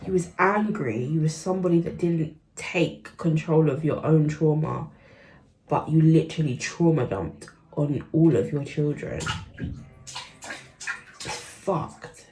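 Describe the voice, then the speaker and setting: A young woman, talking openly in a confessional vlog, often dropping to a whisper and then rising loud and quick. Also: low-pitched, slight background noise. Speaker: vlogger.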